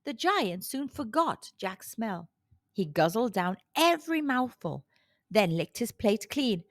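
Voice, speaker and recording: Slow, expressive woman reading a storybook. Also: a little high, no room sound, studio quality. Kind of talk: reading a children's storybook aloud.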